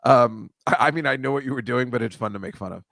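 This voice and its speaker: A man's voice: medium pitch, fast, vocal fry, a bit bright, dry recording, clean studio sound. Rambling man hosting a comedy chat show. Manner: rambling, self-deprecating, stammers and restarts. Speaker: host.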